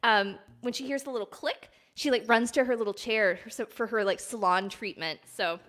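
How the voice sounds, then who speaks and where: Here the same sort of streamer, a filk singer at her home desk, speaks with a fairly high, bright voice at a moderate pace. Between songs she chats casually, rambling and giggling, with plenty of ums and small laughs.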